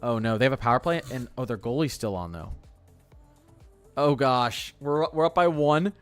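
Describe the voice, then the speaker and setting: A young man hosting a live weather stream, chatting casually and excitably, with lots of "like" fillers. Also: medium pitch, moderate pace, clean tone, soft background music. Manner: chatty, excitable, heavy use of "like". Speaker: weather livestream host.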